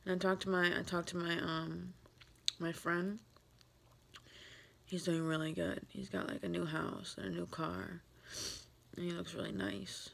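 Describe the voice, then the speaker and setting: A woman's voice: lowish voice, a little slow, creaky, long pauses, a bit bright. An upset, tearful woman in her thirties venting in a rambling vlog, full of fillers and restarts. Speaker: vlogger. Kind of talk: emotional personal vlog.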